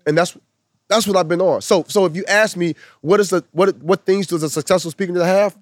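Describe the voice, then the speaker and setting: A man's voice: high-pitched, fairly even intonation, fast, dry recording, clean studio sound. A man who works as a minister and speaker, talking emphatically in a casual conversation and building long repeated lists like a preacher.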